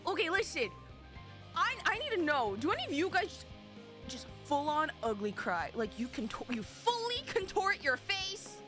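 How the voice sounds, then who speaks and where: A young woman streamer chatting with her live chat in an excitable, dramatic way, rambling and restarting as she goes. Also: very high voice, moderate pace. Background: faint game music.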